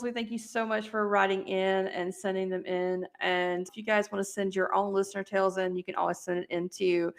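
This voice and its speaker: Woman, podcast co-host, casual chat, upbeat, gravelly, tired voice. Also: mid-range voice. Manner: chatty and upbeat, with fillers.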